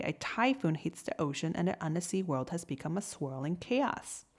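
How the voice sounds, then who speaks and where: A woman reading a storybook tale aloud in a gentle, soft-spoken way. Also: lowish voice. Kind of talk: storybook narration.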